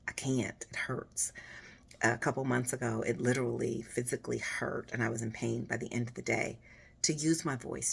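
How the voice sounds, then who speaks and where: A woman speaks to her viewers in a relaxed, encouraging chat. Her voice is husky and raspy, hoarse and breathy, with a gravelly fry running under many words. She takes her time and drifts through small fillers. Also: rumbling low. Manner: warm, personal, unhurried with fillers. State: hoarse after voice surgery. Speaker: vlogger. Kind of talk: casual encouraging talk to viewers.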